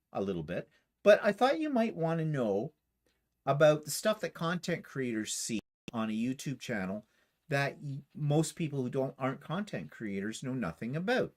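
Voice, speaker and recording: A Canadian man co-hosting a quilting channel livestream, talking casually and rambling, with lots of fillers and self-deprecating asides. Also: fairly high pitch. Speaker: YouTube quilting channel co-host.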